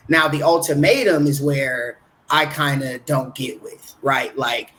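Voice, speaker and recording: A man's voice: medium pitch, a bit bright, low-quality recording. A man appearing as a guest on a casual podcast, politely and carefully explaining his view on relationships. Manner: polite and measured, reasons things through. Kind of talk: casual chat.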